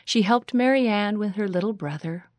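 A woman reading a children's story aloud in a clear, measured, expressive way. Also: medium pitch, dry recording, studio quality. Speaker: story reader.

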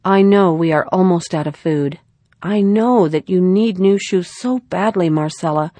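Storybook mother, read by a woman: gentle and soft-spoken, lowish voice, dry close sound. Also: unhurried, no room sound. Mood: earnest. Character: gentle, worried young mother.

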